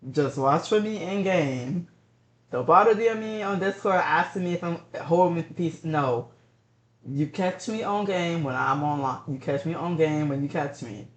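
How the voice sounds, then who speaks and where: A man's voice: measured pace, roomy sound. A man streaming and chatting casually, ranting about rude messages and repeating himself. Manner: ranting, repeats himself, animated pitch jumps.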